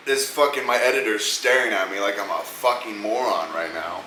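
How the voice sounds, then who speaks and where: Speaking at a normal speed with hardly any pauses, a podcast host gives rambling, profanity-laced fight picks in a casual way. His voice sits in the mid range and sounds sharp. The recording has an echoey room feel, faint ambience and slight background noise.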